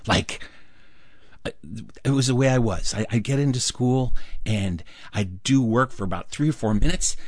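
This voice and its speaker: A man performing a personal story, acting out the dialogue in an animated way. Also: medium pitch, moderate pace, no room sound. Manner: animated, acts out dialogue with varied voices.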